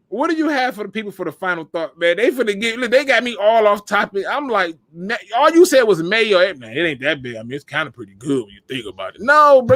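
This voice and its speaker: A man hosting a casual live stream, joking and reacting loudly to the chat. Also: sits high, no room sound, clean studio sound. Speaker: podcast host.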